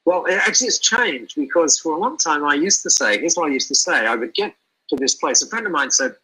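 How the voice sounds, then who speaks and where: A man's voice: fairly high pitch, expressive, fairly quick, pushed and bright, slightly rough, poor audio. A middle-aged man as an interview guest, talking animatedly and often repeating words as he thinks aloud. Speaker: speaker and guest. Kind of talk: conversational interview.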